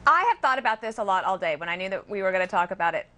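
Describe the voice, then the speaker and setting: A woman's voice: medium pitch, animated, racing, pushed and bright, slight background noise. A woman guest on a late-night panel, speaking in a thoughtful, hesitant way in a TV studio. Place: television studio.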